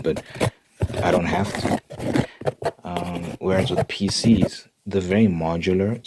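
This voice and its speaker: A man in whispered role-play as an ASMR creator, running a mock eye test and rambling jokily between whispers and soft talk. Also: low voice, noisy background.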